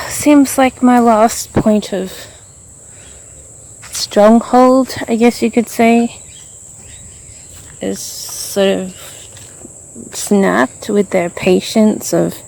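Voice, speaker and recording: A woman's voice: a little high, extremely slow, vocal fry, long pauses, a little mellow. A woman vlogging outdoors as she walks around, rambling and frustrated, full of fillers. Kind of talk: venting vlog monologue.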